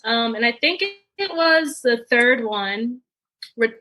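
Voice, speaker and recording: A woman's voice: fairly high pitch, animated, takes it slowly, bright, forceful tone. A young adult woman, a guest comedian, telling stories in a casual rambling way, with lots of fillers and laughter. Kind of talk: casual podcast storytelling.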